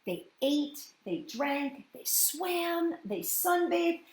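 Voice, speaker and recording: A woman hosting a children's story reading, gentle and sing-song, often asking her listeners questions. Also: sits high, sing-song, drawn-out words. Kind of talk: children's storybook read-aloud. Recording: roomy echoey room.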